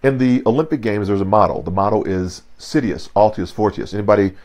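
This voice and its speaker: A man's voice: lowish voice, fairly quick, a little mellow. A man in his sixties giving an online keynote, dynamic and rhythmic, repeating phrases for emphasis and laughing at himself. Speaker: motivational speaker. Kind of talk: online keynote talk with storytelling. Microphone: video call.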